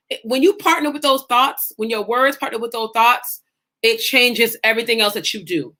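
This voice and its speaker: Woman coach preaching to her group, bright punchy voice, a bit high, super emphatic. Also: moderate pace. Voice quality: emphatic, preacherly, acts out self-talk in quotes. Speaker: faith-based life coach. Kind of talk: passionate teaching to an online group.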